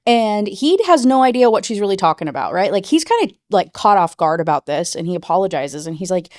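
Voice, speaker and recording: Woman reviewer for a casual rant review, mid-pitched, dry close recording, loose and chatty. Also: sing-song, brisk, hardly any pauses, a little mellow, no room sound. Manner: chatty, with many "like" and "you know" fillers. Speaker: book reviewer.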